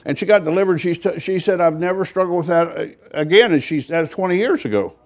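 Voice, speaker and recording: A man's voice: high-pitched, animated, fast talker. An older man, a pastor, telling a story in a rambling, folksy sermon with self-deprecating humor.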